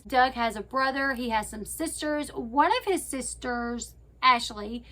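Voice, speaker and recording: A woman with a high-pitched voice retells a reality show to her viewers in a casual, chatty way. She talks straight to the audience, pads her sentences with fillers and corrects herself as she goes. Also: bright, forceful tone. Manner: chatty, addresses viewers directly; frequent fillers and self-corrections. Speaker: YouTube commentator.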